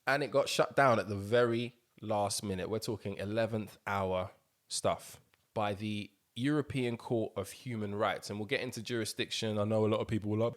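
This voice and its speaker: A man's voice: on the low side, fairly even intonation, moderate pace. A man co-hosting a podcast in loose, slang-heavy casual chat. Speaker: podcast co-host.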